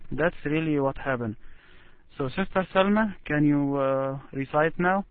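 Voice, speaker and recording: A man's voice: fairly high pitch, unhurried, no echo. A man teaching Quran recitation in an online lesson, speaking patiently and repeating words for his students. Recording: tinny phone-like online call.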